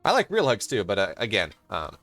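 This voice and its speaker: Lively young male esports caster. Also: lowish voice, soft background music. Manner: rambling, self-interrupting, quick to laugh. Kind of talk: live game commentary.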